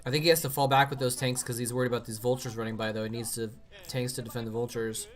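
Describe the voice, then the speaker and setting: A man's voice: mid-range voice, flat delivery, fast talker. A man casually commenting on an old match during a live stream, rambling with many fillers and restarts.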